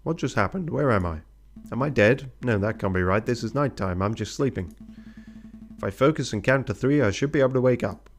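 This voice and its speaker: A man's voice: medium pitch, lively intonation, a little fast, soft background music, natural voice. A man voicing a proud, touchy bird lawyer who sounds exasperated and flustered. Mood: frustrated.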